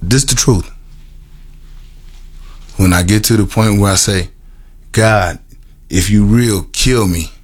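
A middle-aged or older man giving an earnest personal testimony to a group, with halting, repetitive phrasing and many restarts. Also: fairly low pitch. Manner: earnest and emotional, laughs at himself. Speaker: formerly incarcerated man telling his story.

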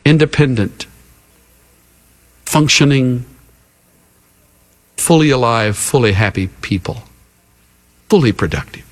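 Unhurried earnest male preacher. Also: medium pitch, lively intonation. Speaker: pastor. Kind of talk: sermon.

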